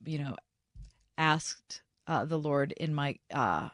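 A woman co-hosting a talk radio show, expressive and quick to react. Her pitch moves a lot as she talks. The studio sound is dry and close. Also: dry recording. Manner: expressive, animated, quick to exclaim. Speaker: radio co-host. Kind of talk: casual radio chat.

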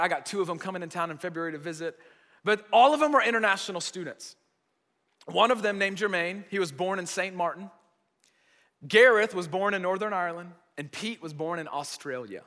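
A man's voice: high-pitched, sharp tone, in a large hall. An American man preaching a conversational sermon, repeating phrases for emphasis. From United States. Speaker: pastor.

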